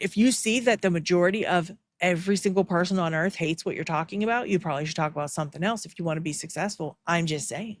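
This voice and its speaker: A woman's voice: mid-range voice, no echo. A young woman hosting a live stream, ranting bluntly and profanely in reaction to a clip. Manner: heated ranting at chat.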